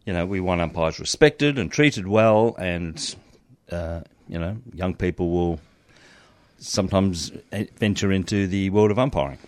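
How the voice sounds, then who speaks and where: A man's voice: low voice, measured pace, dry recording. A man co-hosting a casual sports chat, posing a quiz with frequent ums and uhs. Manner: quizzing, hesitant with many ums. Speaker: co-host.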